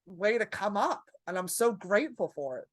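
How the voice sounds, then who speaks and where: A woman comedian, a podcast guest, telling stories in a lively, profane way and acting out her own panic. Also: mid-range voice, normal speed, no echo, clean studio sound. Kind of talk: casual podcast storytelling.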